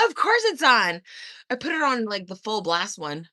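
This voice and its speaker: A woman's voice: mid-range voice, sing-song, moderate pace, no echo, clean studio sound. Brash, profane woman livestreaming. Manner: profane, loud, laughs often, teasing. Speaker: livestream host. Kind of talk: casual livestream chat. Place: at home.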